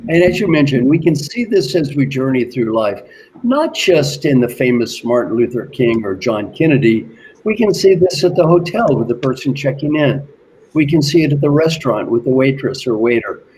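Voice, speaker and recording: A man working as an executive coach, giving an earnest motivational talk and slowly repeating his key questions. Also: medium pitch, lively intonation, a little mellow, slight background noise, rough recording.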